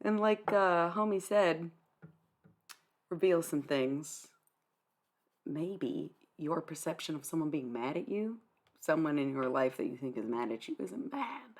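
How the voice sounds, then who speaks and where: A young woman on a livestream answers her chat in a deep, expressive voice at a measured pace. She's blunt, sarcastic and dismissive, swearing freely.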